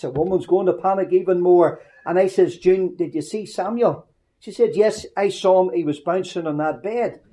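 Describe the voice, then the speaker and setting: Middle-aged northern irish man preaching with funny stories, higher voice but warm and mellow. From Northern Ireland. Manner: humorous anecdotal storytelling, quick asides. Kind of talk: storytelling sermon.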